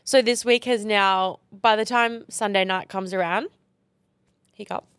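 A woman's voice: medium pitch, fairly even intonation, unhurried, a bit bright, clear, resonant tone, dry recording. A woman co-hosts a podcast in easygoing chat. She talks bluntly and swears without a second thought, her voice sitting in an ordinary middle register. The mic is close and the sound dry. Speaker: podcast co-host.

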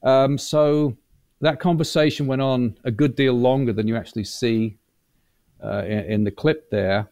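A man guest telling long, lively anecdotes in a casual interview, acting out quotes as he goes. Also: mid-range voice, moderate pace, no room sound, studio quality. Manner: chatty, animated storyteller, acts out quotes. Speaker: guest, former reality show butler.

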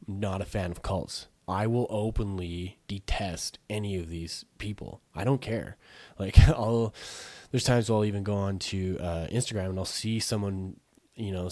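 A man hosting a casual solo podcast, talking with a nasal, stuffed-up voice from a head cold. He rambles and restarts with many fillers, coughs and clears his throat. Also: sits low, dark tone, dry recording. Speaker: yoga podcast host.

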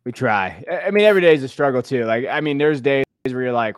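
Earnest, animated man on a dry mic. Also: on the high side, a little fast, few pauses, no room sound. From Portuguese and Irish heritage. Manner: animated, earnest, emphatic bursts. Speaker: teacher. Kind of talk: casual podcast conversation.

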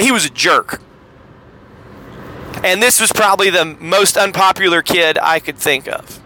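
The audio is poor, with a bit of hiss or hum. Over it, a middle-aged man from the Southeastern US tells a dry, sarcastic tale in a laid-back podcast monologue, his voice rising and falling animatedly.

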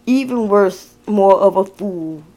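A woman's voice: mid-range voice, animated, takes it slowly, dark tone. A woman giving a casual tarot reading, talking bluntly and with exasperation, swearing as she addresses the viewer directly. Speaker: tarot card reader.

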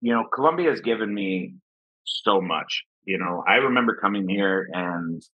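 A man's voice: on the low side, lively intonation, normal speed, slightly rough, no room sound. A man from Ohio, a podcast guest, chatting casually with lots of fillers and a self-deprecating manner. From Ohio, USA. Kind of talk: casual interview talk. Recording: dull, slightly muffled sound.

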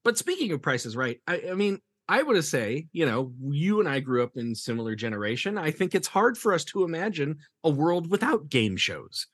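A man's voice: fairly high pitch, sing-song, normal speed, few pauses, a bit bright, husky, no room sound, clean studio sound. A man hosting a theater history podcast, chatting casually, laughing often and reading quotes aloud. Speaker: podcast host. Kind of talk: casual chat.

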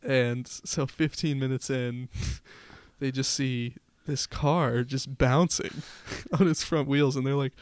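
A man's voice: mid-range voice, fairly even intonation, slow, dry recording. A young man co-hosting a podcast, telling playful stories and laughing through them. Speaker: podcast co-host. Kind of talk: casual storytelling chat.

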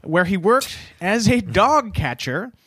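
A man's voice: high-pitched, very animated, slow pace, a bit bright, slight background noise. A man co-hosting a podcast, telling a story from his notes in a chatty, laughing way. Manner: chatty, laughs between points, loose with fillers. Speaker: podcast co-host presenting research. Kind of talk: casual storytelling podcast chat.

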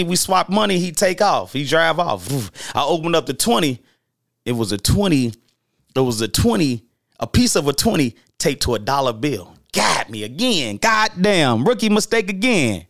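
A man telling stories from his past in a casual, slang-heavy way, animated and jumping into the voices of the people in them. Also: a little high, normal speed, creaky, no room sound, studio quality. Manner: animated, acts out quoted voices, loose slang-heavy talk with restarts. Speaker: storyteller host. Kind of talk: casual street storytelling.

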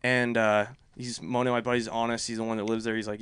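A man's voice: medium pitch, little pitch movement, quick pace, fairly bright tone, smooth, no echo. A man in his twenties telling a rowdy party story in casual chat, swearing a lot, laughing as he goes and acting out what people said. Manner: swears a lot, laughs while telling stories, acts out quotes.

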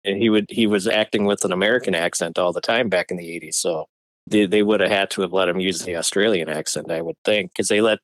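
A man's voice: sits low, fairly even intonation, fast, no echo. A man co-hosting a casual movie chat, laughing often and hedging with fillers. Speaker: podcast co-host.

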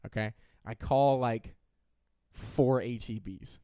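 A young man, telling a long story on a casual podcast in an animated, profane way and acting out other people's lines. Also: medium pitch, slow, clear, resonant tone, no echo, studio quality. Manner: animated, profane storyteller who acts out quotes. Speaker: podcast co-host.

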